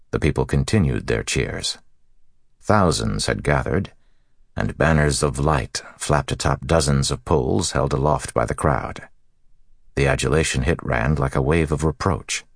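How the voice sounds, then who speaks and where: A man narrating a fantasy audiobook in a steady, even storytelling manner. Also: rumbling low, gravelly, no room sound, clean studio sound.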